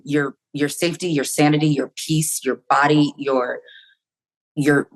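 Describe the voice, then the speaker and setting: Woman telling a vivid, candid story. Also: deep voice. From United States. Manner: vivid, candid storytelling, acting out her inner thoughts, swears freely. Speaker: podcast guest. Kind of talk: personal storytelling in a podcast interview.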